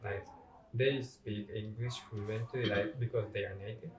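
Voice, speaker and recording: A man's voice: on the low side, steady tone, measured pace. A man speaking tentatively in a group interview, with many "like" fillers. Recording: roomy, from a distance.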